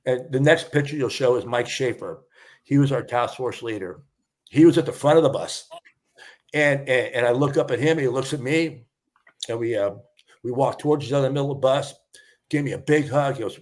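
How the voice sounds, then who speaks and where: A man's voice: medium pitch, normal speed. An older man, a retired fire chief, telling a personal story in a casual interview and acting out the dialogue. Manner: emotional storyteller, acts out quoted dialogue. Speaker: podcast guest, retired fire battalion chief.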